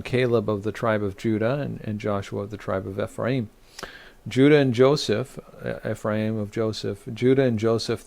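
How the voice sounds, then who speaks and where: A man teaching a weekly online Torah study as rabbi, speaking haltingly with many fillers and restarts. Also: fairly low pitch, vocal fry. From United States.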